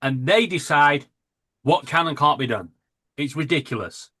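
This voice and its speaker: A man's voice: fairly high pitch, lively intonation, normal speed, sharp tone, breathy edge. A man in casual live banter, talking with strong opinions and checking in with "right?". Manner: opinionated, ranting, adds "right?".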